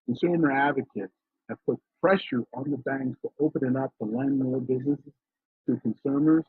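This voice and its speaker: A middle-aged financial consultant from Philadelphia, telling stories emphatically in a casual interview. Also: male voice, mid-range voice, normal speed, breathy edge, dry recording. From Philadelphia, USA. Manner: emphatic, storytelling, acts out quoted dialogue. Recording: dry, tinny phone-like line.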